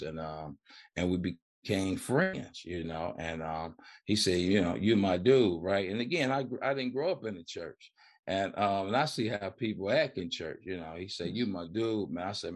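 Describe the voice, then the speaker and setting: A middle-aged man, a recovery coach, telling his story in a casual interview, colloquial, acting out the voices he quotes. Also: low voice. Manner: colloquial, repeats "man" and "you know". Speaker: recovery coach and podcast guest.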